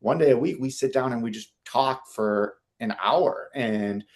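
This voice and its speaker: A man's voice: medium pitch, measured pace. A man in his thirties hosting a podcast, talking in a loose, rambling way with many fillers. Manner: chatty, rambling, lots of fillers. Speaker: podcast host. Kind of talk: casual interview talk.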